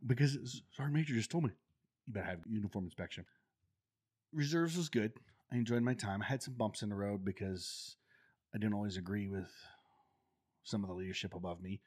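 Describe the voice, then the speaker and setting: A middle-aged man who served in the Marines tells casual stories in a husky, lowish voice, talking fairly fast but with long pauses. He laughs often, stays animated and imitates the people he quotes.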